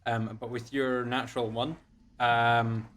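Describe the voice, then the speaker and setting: A man's voice: medium pitch, little pitch movement, measured pace, a bit bright, a little hiss or hum. A man narrating as game master over a voice call, loose and full of fillers.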